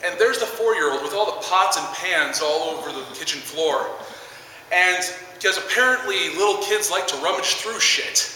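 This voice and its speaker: A man's voice: high-pitched, lively intonation, moderate pace, sharp tone, heavy reverb, long reverb tail, distant mic, slight background noise, poor audio. A man in his twenties doing stand-up, rambling through a story with lots of fillers. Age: 20s. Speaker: stand-up comedian. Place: large theater stage.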